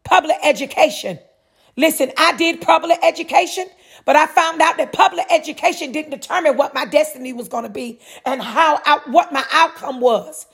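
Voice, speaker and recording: A woman's voice: sits high, moderate pace, a bit bright. A middle-aged woman hosting her own podcast, talking in a preachy monologue and answering her own rhetorical questions again and again. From North Carolina, USA. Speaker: podcast host.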